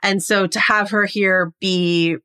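A woman's voice: medium pitch, fairly even intonation, takes it slowly, pushed and bright, clean tone. A woman co-hosting a podcast, talking through her view of a TV series in casual chat. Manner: thoughtful, talks through her ideas with fillers. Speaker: podcast co-host.

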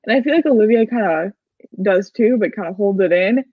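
A woman's voice: medium pitch, breathy edge, dry recording. A woman co-hosting a podcast, chatting enthusiastically in a casual fan recap. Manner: animated and enthusiastic, quick asides with laughs. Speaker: podcast co-host. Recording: dry, dull lo-fi recording.

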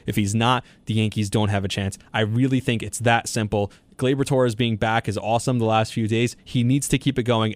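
A man's voice: fairly low pitch, no echo. A young man hosting a solo sports podcast, talking through his opinions in long run-on thoughts with fillers. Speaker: podcast host.

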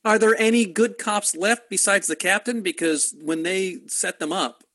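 A man's voice: high-pitched, normal speed, fairly bright tone. A man co-hosting a casual movie podcast, making exasperated, sarcastic complaints. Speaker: podcast co-host. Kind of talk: casual movie-review chat.

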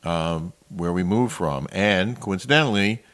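A man's voice: deep voice, measured pace, fairly bright tone. A man co-hosting a casual daily chat show, talking easily and reading sponsor plugs. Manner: chatty, reads sponsor ads, laughs often. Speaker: co-host.

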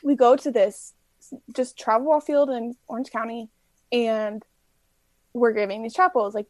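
A young woman, a softball player, chatting as an interview guest, telling stories with quick laughs and acted-out quotes. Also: fairly high pitch, no echo. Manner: animated storyteller, acts out quotes, laughs often. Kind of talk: casual interview chat.

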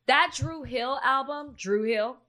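A woman's voice: high voice, takes it slowly, pushed and bright. A woman co-hosting a podcast in casual chat, emphatic and insistent, stretching out her words. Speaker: podcast co-host.

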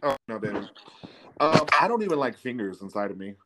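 A man co-hosting a casual chat, talking frankly and haltingly with light laughs. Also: medium pitch, big pitch swings, very noisy. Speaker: podcast co-host.

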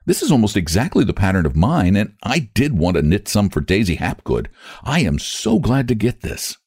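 A man's voice: fairly low pitch, sing-song, moderate pace, a little mellow, breathy edge, no room sound, clean studio sound. A man reading aloud and voicing a kindly, sentimental older woman in a raised, lilting voice.

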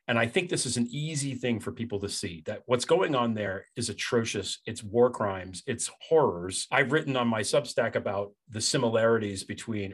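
A man's voice: on the low side, breathy edge. A man speaking as a guest commentator in casual political chat, blunt, conversational and opinionated.

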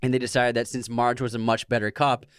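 A man's voice: mid-range voice, level tone, a little fast, clear, resonant tone, no echo, clean studio sound. A man co-hosting a podcast, analyzing films and sharing trivia, often stumbling and restarting words. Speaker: podcast co-host. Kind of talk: casual film discussion.

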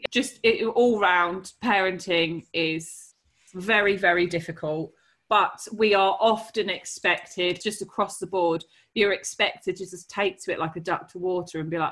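A woman's voice: lowish voice, fairly even intonation, measured pace, a bit bright. A woman from England ranting frankly about parenting, swearing heavily and bluntly. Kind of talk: casual chat.

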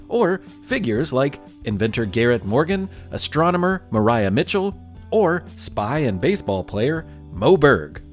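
A man reading a promo for his podcast in a playful, enthusiastic way. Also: mid-range voice. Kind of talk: promo read.

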